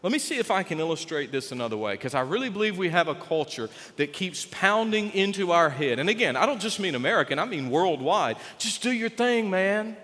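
A man preaching a sermon, animated and folksy, joking with the congregation. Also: high-pitched. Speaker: pastor. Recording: long reverb of a large hall.

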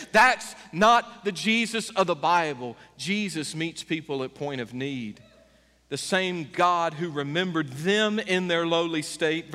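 High, bright-voiced male preacher. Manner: emphatic, punchy and preachy. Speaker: pastor. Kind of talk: sermon. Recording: echoey church hall.

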